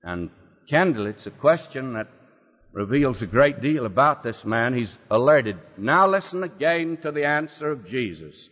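A man's voice: medium pitch, very animated, a little slow. A man preaching a sermon, acting out the quoted lines with drama and putting rhetorical questions to his listeners. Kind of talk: expository sermon. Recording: dull lo-fi hall recording.

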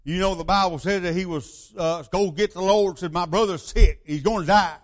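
High-voiced Southern preacher, folksy and rambling. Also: male voice, normal speed. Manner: folksy, rambling storytelling with rhetorical questions. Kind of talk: sermon.

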